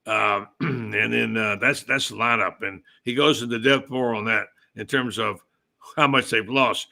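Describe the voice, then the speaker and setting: A man's voice: lowish voice, steady tone, a little slow, gravelly, sharp tone. A man hosting a casual sports talk podcast, rambling in a conversational, storytelling way. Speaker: podcast host.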